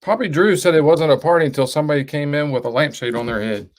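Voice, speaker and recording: A man's voice: on the high side, fast talker, background noise. A man joining a casual late-night live stream as a guest, bantering playfully and poking fun at himself. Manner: playful, self-mocking banter.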